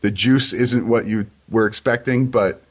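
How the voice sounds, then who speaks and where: A man's voice: on the low side, unhurried. A man hosting a casual interview, joking, teasing and crude. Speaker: podcast host. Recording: dull lo-fi sound.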